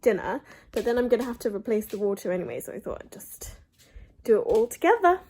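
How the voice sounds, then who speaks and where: Chatty young British woman, lively. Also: fairly high pitch, quick pace, husky, low-quality recording. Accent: British English. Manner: chatty, rambling storyteller with frequent fillers. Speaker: vlogger. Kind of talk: casual chat vlog. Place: home, on a balcony.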